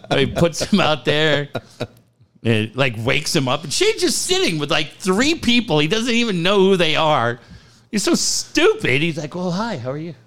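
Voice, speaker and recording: Animated storytelling male radio host. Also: a little high, measured pace, long pauses. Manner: animated storyteller, acts out quotes; casual, swears freely. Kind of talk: casual radio chat.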